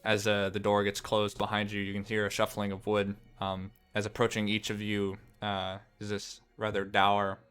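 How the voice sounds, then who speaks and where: A man's voice: fairly low pitch, monotone, moderate pace, few pauses, fairly bright tone, clean tone, soft background music. A man narrating a tabletop game as game master, rambling with fillers and restarts as he describes scenes.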